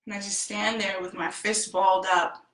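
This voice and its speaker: A woman vlogger telling a personal story in a slow, heartfelt and emphatic way. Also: medium pitch, flat delivery, a bit bright, echoey room, rough recording. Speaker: self-help vlogger.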